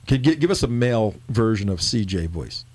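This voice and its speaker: A man hosting a casual political talk show, joking and animated. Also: fairly low pitch, brisk. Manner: joking, animated, talks over co-host.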